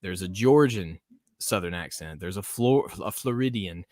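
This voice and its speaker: Man, American South, podcast host, casual live-stream chat, low voice, dry close sound. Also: lively intonation, moderate pace, darkish tone, no echo. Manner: rambling, laughs often, reads chat aloud.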